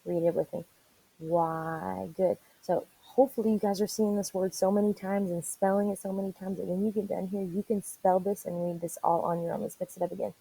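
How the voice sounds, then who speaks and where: A woman teacher leading an online reading lesson for young children, spelling words out slowly and encouraging them. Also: mid-range voice, steady tone, vocal fry, mellow, husky, low-quality recording. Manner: encouraging, slow and deliberate spelling aloud.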